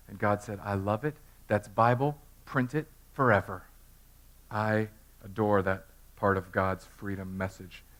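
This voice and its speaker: A man in his thirties preaching an animated Easter sermon in a church, telling the story with humor and acting out voices. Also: on the low side. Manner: storytelling, acts out characters in funny voices. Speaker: pastor. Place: church sanctuary.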